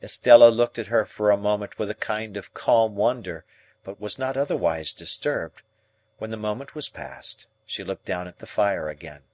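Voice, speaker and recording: A man reading a classic novel aloud as an audiobook narrator, steady and unhurried. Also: fairly low pitch.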